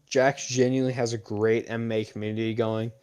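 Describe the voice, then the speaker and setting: A young man a little tipsy from drinking, chatting on a livestream. He rambles and hesitates with frequent ums, his voice mellow and soft-edged at a middle pitch. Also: little pitch movement, a little fast. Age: young adult. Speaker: livestream co-host. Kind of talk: casual livestream chat.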